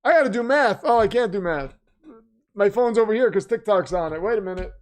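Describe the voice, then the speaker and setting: A man's voice: high-pitched, expressive, a little fast. A man hosting a live stream, reacting to a football game and chatting with viewers, swinging into announcer-style hype. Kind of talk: casual live-stream commentary.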